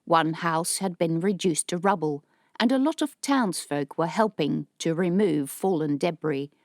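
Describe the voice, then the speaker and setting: Woman audiobook narrator, lowish voice, dry close sound, steady and measured. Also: dry recording. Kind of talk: scripted narration.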